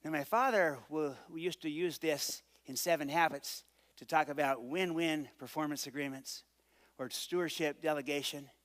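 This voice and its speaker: A man speaking to an audience, telling a childhood story with lively acted-out dialogue. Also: fairly high pitch, normal speed. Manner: animated storyteller acting out dialogue. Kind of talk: storytelling speech.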